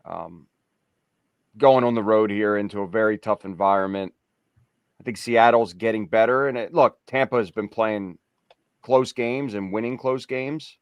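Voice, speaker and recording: Smooth low man, dry close sound. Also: dry recording. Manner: reluctant, measured analysis. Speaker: co-host. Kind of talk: casual sports betting chat.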